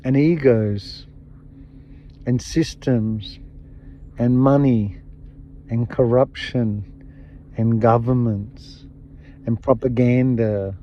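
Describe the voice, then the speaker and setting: A man's voice: medium pitch, fairly even intonation, drawn-out words, long pauses, a little hiss or hum. Blunt, heavily swearing man. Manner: blunt, heavy swearing, repetitive emphatic phrasing. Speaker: podcast host. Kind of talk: impassioned monologue. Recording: dull lo-fi sound.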